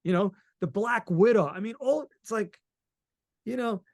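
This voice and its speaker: A middle-aged man from Long Island, a musician guest telling stories in a rambling, excited way and swearing freely. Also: sits high, a little slow. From Long Island, New York. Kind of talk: casual interview chat.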